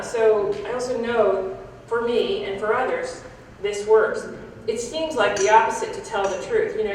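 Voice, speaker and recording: A woman's voice: a little high, slight background noise. Woman speaking in an echoey hall. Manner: frank and reflective, with small laughs and restarts. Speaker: conference speaker. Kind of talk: candid talk to an audience. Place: large conference hall. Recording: echoey hall, picked up from a distance.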